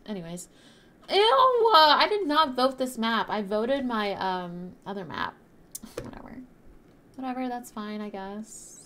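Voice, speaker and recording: A young woman streaming a game live, chatting bubbly with her viewers and teammates and bursting into loud shrieks. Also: a little high, sing-song, unhurried, a little hiss or hum. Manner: talks to chat and teammates while playing.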